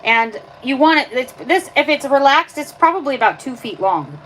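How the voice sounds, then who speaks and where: A woman's voice: high voice, sing-song, moderate pace, fairly bright tone, poor audio. A woman hosting a casual livestream from her kitchen, chatting and explaining step by step while she works with her hands. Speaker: livestream host. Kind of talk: casual live demonstration. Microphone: phone. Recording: phone livestream with clear background noise.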